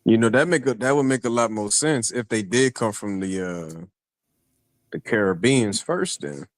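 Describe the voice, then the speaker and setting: A man's voice: lowish voice, moderate pace, no room sound. A man in casual chat who reacts and chimes in with short responses.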